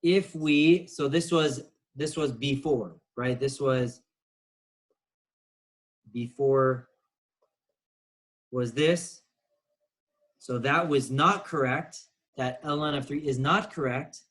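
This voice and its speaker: A man's voice: medium pitch, slow pace, pauses often, a bit bright, low-quality recording. A man teaching a recorded calculus lesson, explaining casually with many fillers. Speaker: math teacher.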